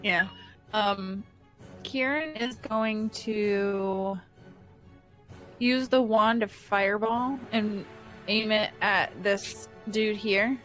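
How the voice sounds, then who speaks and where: A woman talks through her move in an online tabletop game, chatty and hesitant as she thinks aloud. Her voice sits at a middling pitch, and faint music runs underneath. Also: fairly even intonation, extremely slow, fairly bright tone. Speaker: player. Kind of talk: playing a tabletop game over voice chat.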